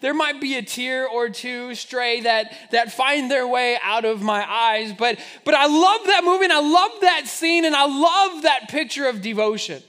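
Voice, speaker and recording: A man in his thirties preaching a sermon to his church, telling a personal story with animated, self-mocking humor. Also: very high voice, measured pace, hardly any pauses. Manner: storytelling, animated, laughing at himself. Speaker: pastor. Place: church sanctuary.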